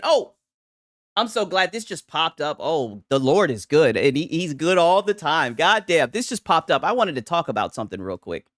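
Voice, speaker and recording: A young man talks through gaming news in a loose, profane, mocking way. His pitch leaps all over the place as he reacts. The recording is dry, with no room sound. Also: big pitch swings, normal speed, fairly bright tone, no echo. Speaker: gaming commentary host. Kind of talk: reaction commentary.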